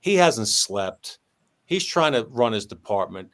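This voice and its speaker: At a measured pace and in a mid-range voice, a man tells a long story in conversation. He was once a police sergeant, and he animatedly acts out the characters' dialogue, varying his voice as he goes.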